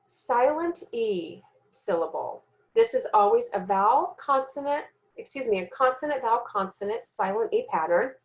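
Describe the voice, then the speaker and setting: A woman giving a recorded teaching lesson, speaking slowly and deliberately and sounding out letters and syllables, sometimes correcting herself. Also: fairly high pitch, expressive. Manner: self-corrects with "excuse me". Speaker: teacher trainer.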